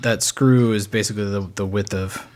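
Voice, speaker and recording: A man co-hosting a podcast, chatting casually and agreeably, often pausing on ums and uhs. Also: lowish voice, fairly even intonation, darkish tone, a little hiss or hum. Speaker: podcast co-host. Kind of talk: casual chat.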